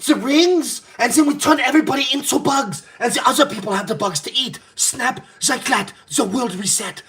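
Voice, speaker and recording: Guy doing a grandiose old villain mastermind, smug and scheming, high and bright. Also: moderate pace, heavily acted.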